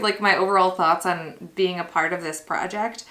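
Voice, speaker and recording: A woman vlogging casually as she unboxes a gift, gushing and excitable, chatting with lots of fillers. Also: on the low side, moderate pace, hardly any pauses. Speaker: costuming vlogger.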